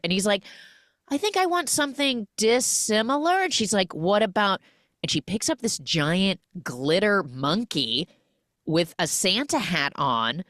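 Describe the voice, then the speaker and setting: A woman's voice: sits low, no echo. A woman hosting a podcast, recapping a film in a casual, joking way and acting out the characters' lines. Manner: animated, acts out characters' lines. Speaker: podcast host.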